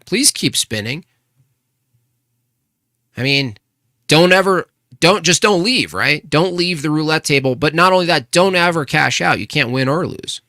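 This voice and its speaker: Bright-voiced man arguing on a stream. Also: fairly high pitch, lively intonation, normal speed, no echo, clean studio sound. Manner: argumentative, rhetorical questions, restarts. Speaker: streamer reading chat. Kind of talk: casual live-stream rant.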